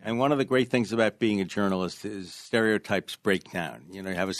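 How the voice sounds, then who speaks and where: A man in his sixties with a New York accent, a touch lower-pitched than most, tells his stories as a podcast guest. He leans hard on key phrases and says them again for weight. The sound is close and dry, with no room around it. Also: brisk, no echo. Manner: emphatic, repeats key phrases. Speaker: author guest. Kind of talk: casual interview storytelling.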